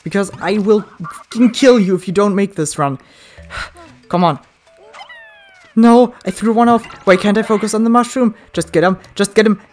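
A let's play gamer commentating, swearing a lot, yelling at the game and then muttering to themself. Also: medium pitch, moderate pace, pauses often, soft background music.

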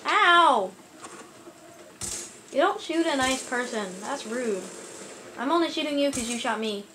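Chatty woman youtuber playing a shooter at home, kinda high voice, game noise under her. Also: normal speed. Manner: chatty, excitable, talks back at enemies. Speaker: gaming YouTuber. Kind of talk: let's play commentary.

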